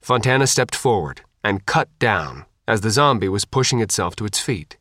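A man narrating an audiobook, with an expressive, varied reading. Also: lowish voice, moderate pace, no room sound, clean studio sound.

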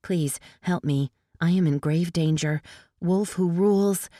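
A woman voicing a quick-witted, defiant young woman on the run, urgent at times and sulky at others, in an audiobook. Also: on the low side, warm tone, no echo, studio quality, natural voice. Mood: pleading. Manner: urgent, then sulky and sardonic.

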